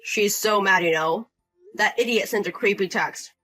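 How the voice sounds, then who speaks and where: Lady doing a stern husband guy, firm and accusing, bright voice. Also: medium pitch, normal speed, soft background music, natural voice. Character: protective angry younger-brother husband.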